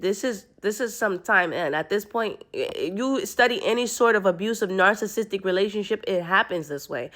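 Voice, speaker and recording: A woman's voice: mid-range voice, fairly bright tone. A woman telling a personal story to camera in an earnest, rambling way, often restarting her sentences. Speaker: vlogger.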